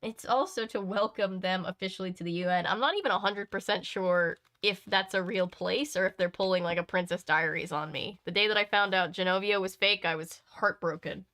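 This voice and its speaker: A woman's voice: medium pitch, brisk, hardly any pauses, sharp tone. Chatty young woman reading a novel aloud. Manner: chatty and giggly, with frequent ums and sarcastic remarks. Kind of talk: casual book reading with chatty asides.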